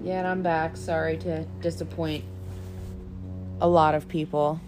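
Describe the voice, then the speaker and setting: A young woman with a fairly low voice, chatting loosely as a podcast co-host. She rambles, laughs a lot and swears without a second thought. Faint music plays behind her. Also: little pitch movement, a little slow, darkish tone. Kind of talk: casual chat.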